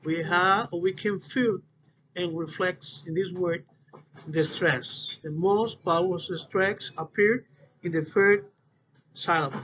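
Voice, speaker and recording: A man giving a class presentation, speaking haltingly and often restarting his phrases. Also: high voice, a bit bright. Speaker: student presenter. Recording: dull lo-fi audio with faint hiss.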